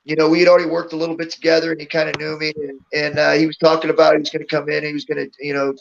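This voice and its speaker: A middle-aged man with a fairly high, gravelly voice tells stories casually and laughs along as he talks. The sound is dull and lo-fi, like a remote call. He is a guest being interviewed. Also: monotone, racing, a little hiss or hum. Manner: laughs often while telling stories. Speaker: interview guest, former wrestler. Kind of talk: casual storytelling.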